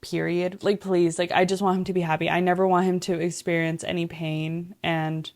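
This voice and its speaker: Brief: young woman host, low and gravelly, loose rambling chatter full of swearing, dry close sound. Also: flat delivery, moderate pace, a little mellow, dry recording. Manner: rambling, profane, heavy use of "like". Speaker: podcast host. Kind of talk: casual chat.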